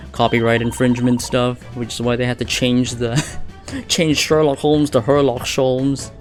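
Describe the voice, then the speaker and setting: A man streaming a video game, chatting casually with viewers in a relaxed, laughing way. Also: mid-range voice, takes it slowly, faint music behind. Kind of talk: casual live-stream commentary.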